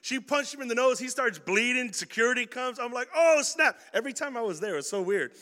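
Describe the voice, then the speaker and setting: Young male youth pastor, high bright voice, loose slangy storytelling, long hall reverb. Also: quick pace. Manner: animated, slangy, swings from loud stories to hushed points. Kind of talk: energetic youth sermon with storytelling.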